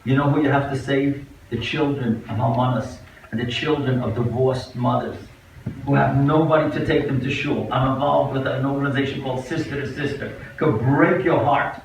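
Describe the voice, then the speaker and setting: A man, a rabbi, giving a storytelling speech at a banquet, moving between hushed and impassioned delivery. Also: mid-range voice, fairly even intonation, normal speed. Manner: dramatic, swings from hushed to impassioned. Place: large banquet hall. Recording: echoey hall recorded from far off, faint noise.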